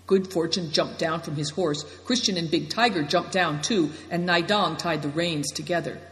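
A narrator reading an adventure story aloud, with lively, expressive storytelling. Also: mid-range voice, normal speed. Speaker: audiobook narrator. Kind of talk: scripted narration. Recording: roomy echo with long reverb.

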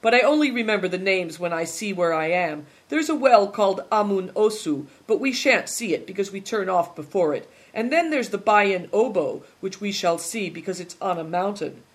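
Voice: mid-range voice, lively intonation, normal speed, few pauses, natural voice. A reader voicing a cheerful, easygoing travelling man in an audiobook. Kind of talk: audiobook character reading.

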